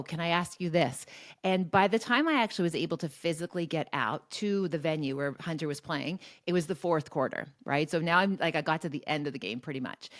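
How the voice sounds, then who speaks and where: A woman in her forties, a guest expert telling a personal story in a podcast interview, animated with quick restarts and quoted dialogue. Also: fairly low pitch, no room sound, clean studio sound.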